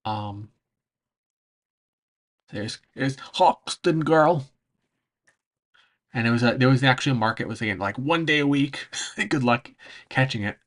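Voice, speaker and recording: A man's voice: mid-range voice, a little fast, fairly bright tone. Rambling man with lots of fillers. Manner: rambling, hesitant, many fillers, often searching for words; laughs between phrases. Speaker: vlogger answering chat. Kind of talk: casual livestream chat over travel footage.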